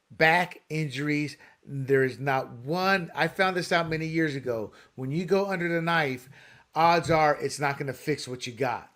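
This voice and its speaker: A man's voice: mid-range voice, a bit bright. A man co-hosting a political talk show, opinionated and mocking, often laughing at his own jokes. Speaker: podcast co-host.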